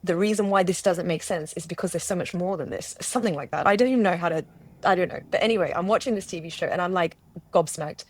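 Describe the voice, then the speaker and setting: Woman guest, low-pitched, earnest personal testimony, dry booth sound. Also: quick pace, dry recording. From Australia. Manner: earnest, searching, with many restarts and self-quotes. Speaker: interview guest.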